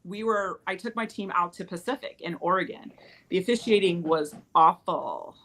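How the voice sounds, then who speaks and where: A woman who coaches volleyball, casually telling animated stories and laughing as she goes. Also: on the low side, moderate pace. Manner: animated storyteller, laughs mid-story. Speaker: volleyball coach and podcast host. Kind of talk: casual chat.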